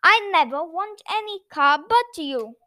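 A woman voicing an excitable little male toy taxi driver, speaking brightly and emphatically. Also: very high-pitched, unhurried, no echo, clean studio sound, heavily acted. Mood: tender. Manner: bright, emphatic and easily cross.

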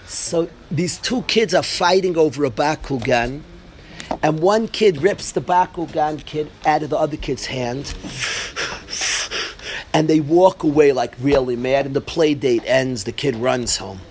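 A man giving an informal Torah class as a rabbi, telling a story with lively energy and asking his listeners questions. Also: on the high side, measured pace, a little hiss or hum. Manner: animated storytelling, asks the audience.

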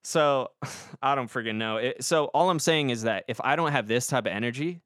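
A man's voice: medium pitch, normal speed, fairly bright tone, no echo, studio quality. A young man hosting a podcast, telling a rambling comic story, swearing a lot and making fun of himself. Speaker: podcast host. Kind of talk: casual comic monologue.

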